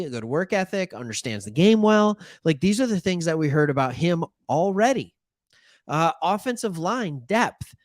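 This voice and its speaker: A fairly high-voiced man from Michigan talks sports in a loose, animated way, tossing in jokes and side comments as he goes. The sound is dry and close, with no room around him. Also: no room sound. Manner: animated, joking asides, plays imagined callers. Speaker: sports talk show host.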